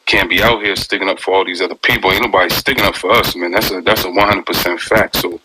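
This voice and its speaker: Low, flat-voiced male caller. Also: fast talker, noisy background. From Connecticut. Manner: hesitant, many "um"s, agrees firmly. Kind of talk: call-in room comment.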